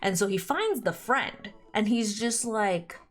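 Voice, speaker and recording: Giggly young woman streamer, lively pitch. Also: unhurried. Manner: giggly, rambling, often breaks into high laughter. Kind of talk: let's play commentary, reading game dialogue aloud.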